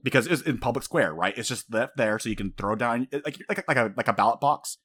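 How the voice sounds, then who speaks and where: A man's voice: mid-range voice, fairly quick, husky, no echo. A man casually recapping an anime plot, telling it animatedly with many fillers. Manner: animated storytelling, frequent fillers.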